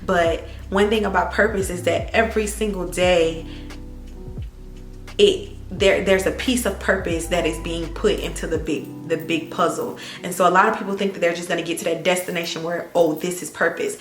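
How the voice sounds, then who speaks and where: Earnest woman vlogging about faith, voice a bit hoarse, echoey room. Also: on the low side, fairly even intonation, moderate pace, soft background music. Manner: earnest, faith-filled, emphatic repetition. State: a little hoarse and emotional. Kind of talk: heartfelt storytime vlog.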